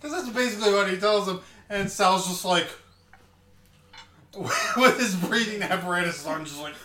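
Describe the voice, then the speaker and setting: A man's voice: high-pitched, normal speed, bright, forceful tone. A man co-hosting a podcast, casually retelling movie scenes and swearing. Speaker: podcast co-host. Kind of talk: casual chat. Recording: echoey room.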